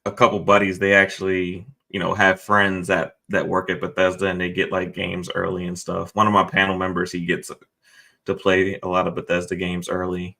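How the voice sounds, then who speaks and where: A man's voice: deep voice, monotone, normal speed, creaky, sharp tone. A man from Maryland in casual podcast chat, laid-back, explaining things with fillers.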